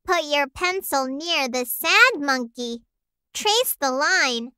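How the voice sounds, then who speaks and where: Slow, cheery woman on a children's track. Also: high-pitched, animated, sharp tone, dry recording, clean studio sound. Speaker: audio track narrator. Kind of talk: scripted children's listening track.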